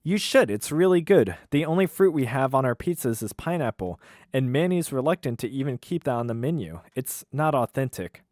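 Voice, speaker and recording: A man voicing an eager young female waitress in a high, excited voice. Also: fairly quick, dry recording, studio quality, lightly acted. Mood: chatty.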